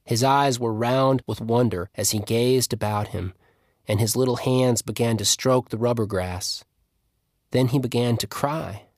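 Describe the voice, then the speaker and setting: Guy reading a short story out loud, calm reflective tone, dry close sound. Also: mid-range voice, measured pace, no echo. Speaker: story reader. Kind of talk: literary reading aloud.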